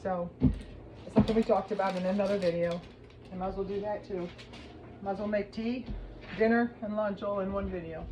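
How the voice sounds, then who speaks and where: A woman casually chatting through a slow cooker recipe in her home kitchen, rambling with lots of fillers and asides. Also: mid-range voice, fairly even intonation, background noise. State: teary from cutting onions. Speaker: home cooking vlogger. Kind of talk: casual cooking demonstration.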